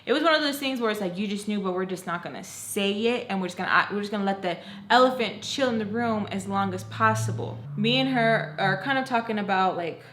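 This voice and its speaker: A woman's voice: medium pitch, fairly quick, slight background noise. A young woman tells a personal storytime to her viewers in a loose, chatty voice, leaning on "like" and "you guys" as she goes. She slips into the lines of the people in her story as she retells them. The room around her gives a noticeable echo. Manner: expressive, retelling scenes with quoted dialogue. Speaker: storytime vlogger. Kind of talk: casual storytime narration. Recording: roomy echo.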